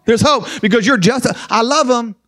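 A man's voice: very high voice, moderate pace, a bit bright, soft background music. A man preaching a sermon, emphatic and repeating short, punchy phrases.

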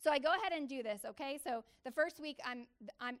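A woman preaching a testimony sermon to a church gathering, telling her story with animated, emphatic repetition. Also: sits high, fast, few pauses. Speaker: church speaker.

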